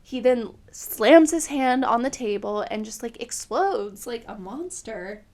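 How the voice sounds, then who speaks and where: Gravelly chatty woman podcast host. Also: fairly high pitch, animated, a little slow, darkish tone. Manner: chatty, filler-heavy, opinionated. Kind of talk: casual TV recap chat.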